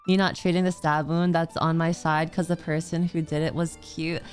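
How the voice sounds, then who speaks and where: A woman's voice: low-pitched, little pitch movement, moderate pace, faint music behind. A woman streamer in casual chat who rambles, laughs often and leans on "like" as she reads chat aloud. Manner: rambling, giggly, heavy use of "like".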